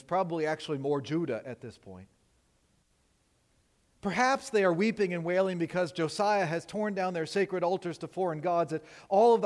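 A man preaching a sermon as pastor, animated and self-deprecating, moving from loud emphasis to quiet asides. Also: fairly high pitch.

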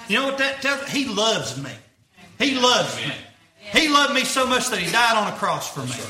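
A young man preaches earnestly. His voice is high and very bright, and he circles back over his phrases in plain folksy speech. It all rings through an echoey church room. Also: big pitch swings, normal speed. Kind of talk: sermon.

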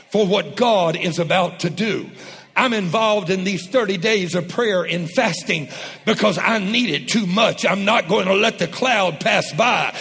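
A man preaching a sermon, calling on the congregation to repeat after him and rising to shouts. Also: sits high, gravelly, husky, in a large hall. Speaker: pastor.

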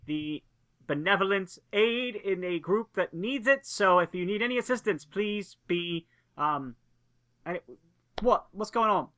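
A woman's voice: lowish voice, animated, normal speed, bright, forceful tone. A woman voicing the Doctor in a tabletop game, an eccentric alien who rambles and fusses as she talks. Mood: calling out. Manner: chatty, rambling, fussy.

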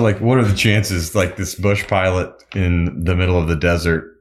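A man with an extremely deep voice tells long, easygoing stories as a guest in an interview. He rambles a little, full of fillers and restarts. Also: fairly even intonation, normal speed. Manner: rambling, filler-heavy anecdotes. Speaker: guest, musician and pilot. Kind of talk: casual interview storytelling.

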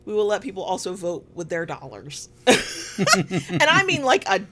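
A woman's voice: medium pitch, huge pitch swings, moderate pace, fairly bright tone. Chatty Southern American woman podcaster. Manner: chatty, laughs often, rambling asides. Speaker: podcast co-host. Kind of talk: casual chat. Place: home recording room.

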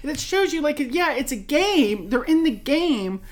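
A woman's voice: high-pitched, measured pace. A woman co-hosting a podcast, chatting casually and acting out her reactions as she tells a story. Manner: animated storytelling, acts out reactions. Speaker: podcast co-host. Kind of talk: casual chat.

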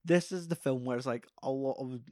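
A Scottish man in casual conversation, recapping a film scene by scene with plenty of swearing. His voice sits at a middling pitch and sounds close and dry, with hardly any room around it. He slips into quick impressions of the characters as he goes. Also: a little mellow, no echo.

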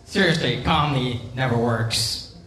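Korean man with a Korean accent, stand-up comic, slow and bright-voiced, roomy club mic. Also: mid-range voice. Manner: slow, deliberate delivery with deadpan punchlines. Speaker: stand-up comedian. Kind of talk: stand-up comedy set. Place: comedy club stage. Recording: roomy club sound with faint room noise.

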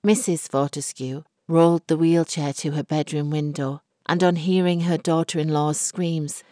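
A woman narrating a short story in a measured, unhurried way. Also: low-pitched, fairly even intonation, warm tone, no echo. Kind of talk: scripted narration. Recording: dry close recording.

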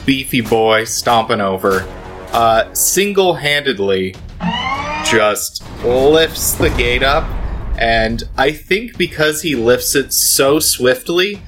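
A man's voice: medium pitch, lively intonation, slow, music in the background. A man playing a tabletop game, explaining what his character does. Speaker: player. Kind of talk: tabletop play.

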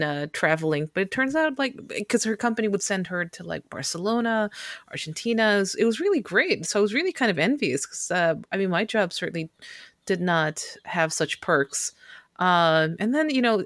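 Woman, casual conversational partner, dry close recording, mid pitch. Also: animated, normal speed, no room sound. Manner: responsive listener, brief reactions. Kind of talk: casual chat.

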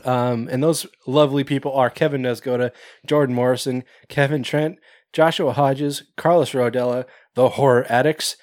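A man's voice: medium pitch, fairly even intonation, moderate pace, a little mellow, dry recording, studio quality. A man hosting a podcast in casual chat, rambling, swearing and laughing often. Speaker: podcast host.

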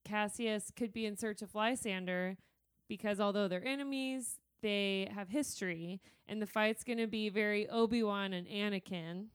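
A woman's voice: medium pitch, moderate pace, clear, resonant tone, no room sound, clean studio sound. A woman co-hosting a podcast in casual chat, giggly and playful, joking often. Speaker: podcast co-host.

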